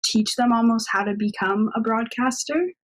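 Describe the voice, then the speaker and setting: A woman's voice: a little high, normal speed, rough recording. A young woman interviewing a guest, asking upbeat, playful questions. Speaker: interviewer, camp staff. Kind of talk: casual interview.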